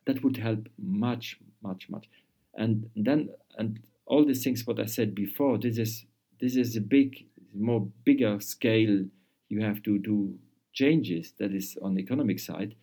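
Halting man, low mellow voice. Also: husky. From Luxembourg. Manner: halting, repeats words while searching for phrasing. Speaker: guest. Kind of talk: conversational interview.

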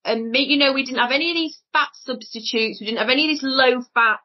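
A woman's voice: high-pitched, fast talker. A woman with a Northern English accent, talking in a blunt, emphatic way as a guest in a casual podcast conversation, and she swears freely. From Northern England. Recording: dull lo-fi audio.

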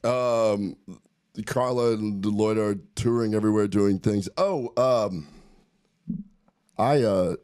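A middle-aged man chatting casually as a co-host, his voice lowish and mellow. He tells stories with animation and breaks into laughter often. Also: slow, no room sound, studio quality. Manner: animated storyteller who laughs a lot. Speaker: podcast co-host. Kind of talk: casual chat.

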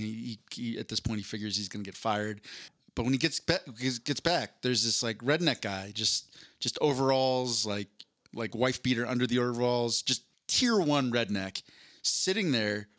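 A man chatting on a podcast, with a bright, forceful voice recorded close and dry. He tells stories in an animated way, with quick asides and casual swearing. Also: medium pitch, no room sound. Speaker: podcast co-host. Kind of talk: casual chat, storytelling.

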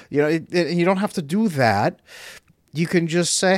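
A man who is a relationship coach, giving animated interview answers and acting out example dialogues. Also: fairly high pitch, normal speed, no echo, clean studio sound. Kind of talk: casual interview talk.

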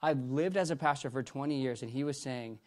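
Middle-aged guy preaching his story, rambly, keeps restarting, gets loud then goes real quiet. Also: mid-range voice. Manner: halting and rambling, many restarts, swinging between loud bursts and hushed retelling. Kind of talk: sermon testimony.

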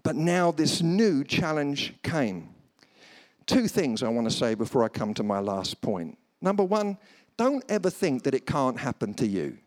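Animated preacher with a lively voice. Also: male voice, medium pitch, measured pace. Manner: animated storytelling, slips into comic voices. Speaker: guest preacher. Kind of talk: humorous sermon. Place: church service before a congregation.

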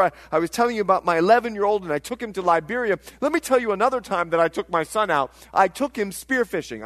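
A middle-aged male pastor preaching a sermon, swinging dramatically between loud cries and hushed tones. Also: high-pitched.

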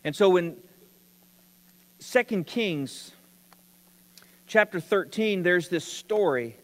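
High-voiced man preaching in a hall. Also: animated, takes it slowly. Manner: storytelling preaching with rising emphasis. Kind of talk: sermon.

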